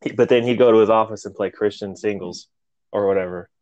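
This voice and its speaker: This man's voice sits on the low side and moves fast, with the high frequencies cut off. He's a podcast co-host telling a story casually and with lots of energy, swearing freely and acting out the quotes.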